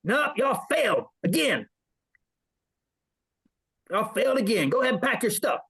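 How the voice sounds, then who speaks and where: A man imitating a taunting male drill instructor, raising his voice high and clipping the words. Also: sing-song, normal speed, creaky, pushed and bright, husky, heavily acted.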